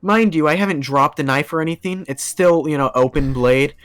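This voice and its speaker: A smooth-voiced man telling a rambling story. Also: a little high, fairly quick, fairly bright tone, no echo. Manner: rambling, filler-heavy, acts out quoted dialogue. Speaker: podcast guest. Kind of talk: casual storytelling.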